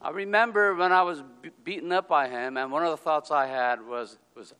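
Bright-voiced man telling a story in a hall. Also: on the high side, clean tone. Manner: deliberate, drawn-out phrases with pauses, checks in with "okay?". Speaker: speaker giving a talk. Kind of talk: personal storytelling talk. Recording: long hall reverb.

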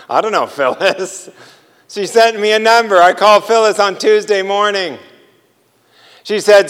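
Male preacher, high and clear voice, animated storytelling, hall echo. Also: takes it slowly, pauses often. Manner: animated storyteller, acts out dialogue with laughs. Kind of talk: sermon storytelling.

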